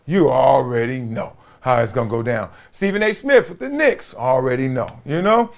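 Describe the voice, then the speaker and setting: A man's voice: medium pitch, expressive, normal speed, creaky. A man from Compton hosting his own show, talking in a casual, joking monologue and laughing often. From Compton, Los Angeles. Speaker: show host.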